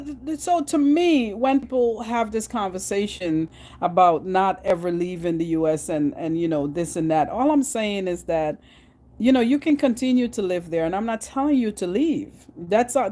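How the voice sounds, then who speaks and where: A middle-aged Guyanese woman with a Guyanese accent and a mid-range voice talks to her vlog audience in a casual monologue. She tells stories animatedly and frequently restarts her sentences.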